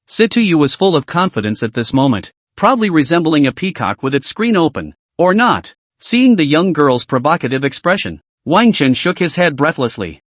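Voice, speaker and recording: Lively male recap narrator. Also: fairly high pitch, dry recording. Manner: reads out stat lists in short clipped phrases. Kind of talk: scripted comic recap narration.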